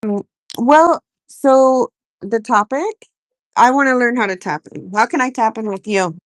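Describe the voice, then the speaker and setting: A woman's voice: on the high side, lively intonation, measured pace, no echo. A woman from Los Angeles calling in to a live audio chat, friendly and bubbly. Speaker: caller. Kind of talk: casual call-in chat.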